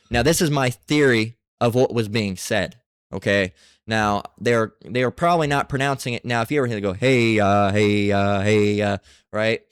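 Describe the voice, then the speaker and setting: A man giving a casual scripture lesson, reading passages aloud and talking in a halting way with many fillers and restarts. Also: fairly low pitch, no echo, clean studio sound. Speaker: religious teacher.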